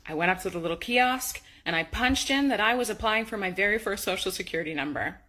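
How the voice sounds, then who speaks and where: A woman's voice: medium pitch, animated, quick pace, bright, forceful tone. A woman from Canada telling a story to camera in a plain, matter-of-fact way.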